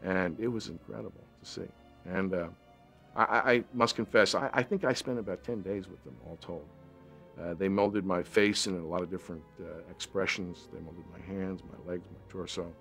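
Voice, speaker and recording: A man, an actor, recalling filming experiences in an interview in a husky voice. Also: low-pitched, normal speed, fairly bright tone, soft background music. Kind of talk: interview recollection.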